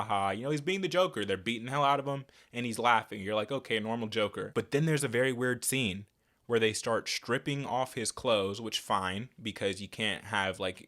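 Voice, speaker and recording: A man delivering a ranting movie review, animated and exasperated, talking casually with slang. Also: fairly low pitch.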